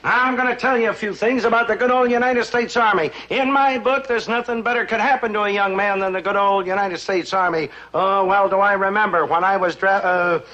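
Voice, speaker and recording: A man's voice: fairly even intonation, fairly quick, hardly any pauses, pushed and bright, lo-fi sound. A blustering ex-sergeant father. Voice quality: booming, bossy, barking commands. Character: blustering ex-sergeant father, middle-aged man. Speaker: gruff drill-sergeant father. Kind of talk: 1950s sitcom acting.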